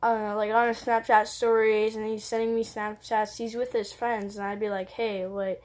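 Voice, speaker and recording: A woman's voice: a little high, flat delivery, normal speed. A teenage girl telling a personal story on her vlog, rambling casually and saying "like" constantly. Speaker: vlogger.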